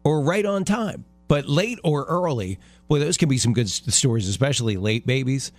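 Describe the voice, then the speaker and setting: Lively laughing male radio host. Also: medium pitch, normal speed, no echo, soft background music. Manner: laughs often, lively and joking. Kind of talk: casual radio chat.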